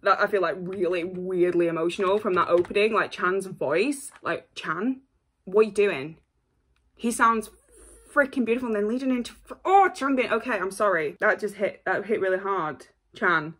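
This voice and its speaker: A woman's voice: medium pitch, slightly rough. Gushing woman reacting to a music video. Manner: gushing, apologetic, quick bursts of excitement. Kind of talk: casual reaction commentary.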